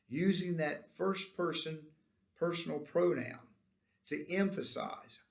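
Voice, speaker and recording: A man's voice: fairly high pitch, slow, gravelly. A man teaching a Sunday school Bible lesson, explaining the verses and reading them out with emphasis.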